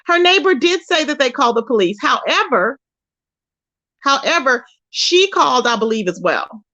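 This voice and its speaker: Lively high-voiced woman livestreaming. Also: moderate pace. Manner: animated, expressive storytelling with loud exclamations and laughter. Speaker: livestream host. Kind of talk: casual livestream commentary.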